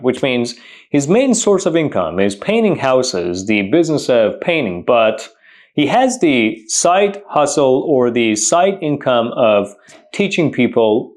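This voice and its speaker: Animated man teaching English idioms. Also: mid-range voice. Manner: repetitive, emphatic, lists many synonyms. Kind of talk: explaining English idioms to camera.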